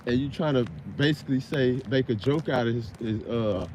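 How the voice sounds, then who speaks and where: A man's voice: mid-range voice, moderate pace, few pauses, darkish tone, a little hiss or hum. A man from Chicago with a Chicago accent, hosting a casual livestream rant and rambling, often stopping to search for words. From Chicago, USA. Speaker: livestream host.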